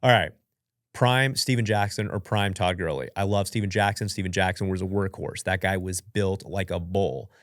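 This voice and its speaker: Podcast host, young man, lowish voice, animated self-mocking storyteller, dry studio sound. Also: normal speed, dry recording. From United States. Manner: animated, chatty, self-mocking, acts out his own reactions. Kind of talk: casual storytelling and Q&A. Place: professional studio. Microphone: studio mic.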